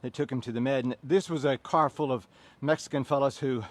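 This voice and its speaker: A man in his fifties leading a workout class, chatting and joking between sets and counting reps in loud bursts. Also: medium pitch, fairly even intonation, brisk, no echo. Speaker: fitness instructor.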